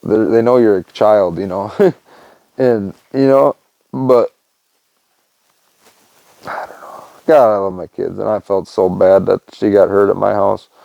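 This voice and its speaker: Gravelly-voiced man rambling through a story. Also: fairly low pitch, steady tone, measured pace, pauses often, warm tone, dry recording, highs cut off. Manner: rambling, loose, lots of "man" and "you know". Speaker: podcast host. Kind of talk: casual storytelling monologue.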